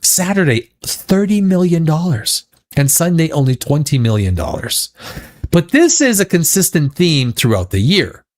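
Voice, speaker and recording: A man hosts a loose pop-culture commentary show in a somewhat high, very lively voice. He rambles and restarts his sentences, sliding into profane rants. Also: normal speed. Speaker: show host.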